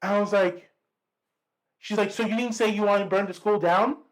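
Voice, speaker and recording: A man co-hosting a podcast, telling a story in casual chat, lively and profane, acting out what people said. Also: high voice, moderate pace, low-quality recording. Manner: animated, profane, acts out quotes. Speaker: podcast co-host.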